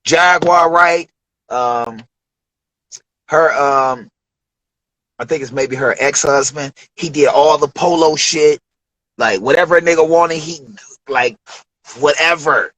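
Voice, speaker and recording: Guest: man from Detroit, slightly higher voice, dry close sound, lively slangy raconteur. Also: slow, pauses often, dry recording, rough recording. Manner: animated storyteller, acts out quoted voices, profane slang. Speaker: interview guest, rapper. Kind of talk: casual storytelling interview. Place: studio.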